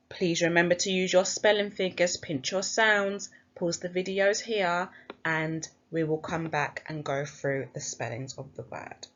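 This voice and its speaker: Slow, sing-song English woman teacher. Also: on the low side, a bit bright, dull audio. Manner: slow, sing-song, encouraging teacher talk, sounding out letters. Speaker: primary school teacher. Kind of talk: recorded phonics lesson for children.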